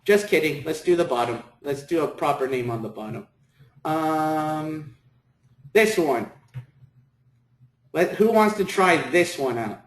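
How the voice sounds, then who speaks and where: Lively high-voiced male teacher, echoey room. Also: measured pace, pauses often. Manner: encouraging, repeats words for the class. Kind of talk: classroom lecture. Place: classroom. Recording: echoey classroom.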